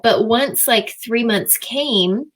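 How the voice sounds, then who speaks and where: A woman in her thirties, a guest in an interview, telling her stories in a chatty, animated way with lots of fillers. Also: on the high side, slow. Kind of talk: casual interview chat.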